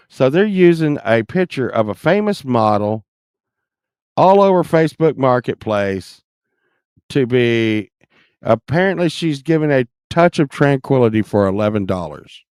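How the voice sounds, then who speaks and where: A man chatting to his camera in a loose, rambling way, cussing casually as he hops between subjects. His voice is smooth and clear, and he talks slowly and unhurriedly. The recording is dry and close, with no room sound around him. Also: medium pitch, sing-song, a little mellow, dry recording. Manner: rambling, profane, jumps between topics. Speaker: vlogger. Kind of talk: rambling casual vlog chat.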